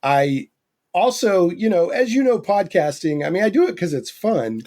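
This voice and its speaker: Rambling guy hosting a podcast, slightly high voice, soft mellow tone. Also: very animated, normal speed. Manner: chatty, rambling, many restarts. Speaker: podcast host. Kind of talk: casual podcast chat.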